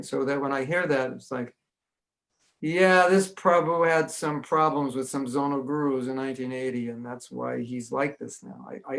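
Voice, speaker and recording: Gravelly American man teaching a class. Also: medium pitch. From United States. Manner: humorous, anecdotal, chuckling. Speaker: spiritual teacher. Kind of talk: online religious class.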